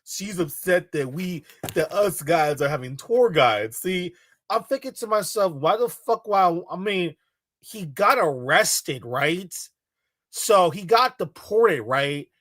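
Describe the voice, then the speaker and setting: A man's voice: high voice, expressive, slow, a bit bright, no room sound, clean studio sound. A man giving casual reaction commentary in a blunt, mocking, exasperated way.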